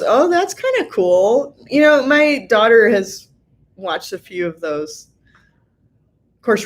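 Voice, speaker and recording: Middle-aged woman on a live stream, just chatting and reading the comments, lots of ums and little laughs. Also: medium pitch. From Southern California. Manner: chatty and friendly, laughs often, many ums.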